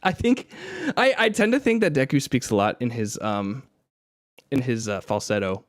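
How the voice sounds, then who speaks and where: A man's voice: medium pitch, expressive, normal speed, no echo, clean studio sound. A man streaming casually while making music, rambling with fillers and laughing at himself. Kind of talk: casual live-stream chat.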